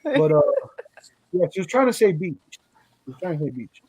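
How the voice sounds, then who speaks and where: A man with a high voice and a close, dry sound hosts a relaxed livestream chat. He tells his stories with lively energy and laughs at his own tales. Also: fairly quick, husky, dry recording, poor audio. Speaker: channel host.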